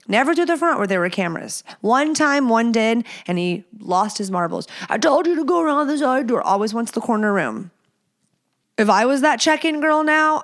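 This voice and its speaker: A woman in her thirties hosting a casual solo podcast, talking bluntly and profanely, and acting out quotes with lively storytelling. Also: on the high side. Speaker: podcast host.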